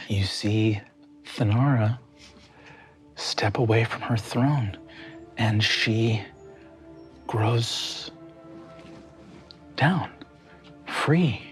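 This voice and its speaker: A man narrating a tabletop game as game master, in slow, measured, hushed narration. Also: fairly low pitch. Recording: faint music underneath.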